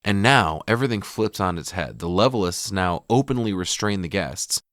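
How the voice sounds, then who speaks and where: A man with a lowish voice casually walking through a film's plot, dropping swear words as he goes. His delivery is laid-back and chatty, recorded close and dry with no room sound. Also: animated, moderate pace, fairly bright tone, dry recording. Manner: profane, laid-back, storytelling. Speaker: podcast co-host. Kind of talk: casual film recap.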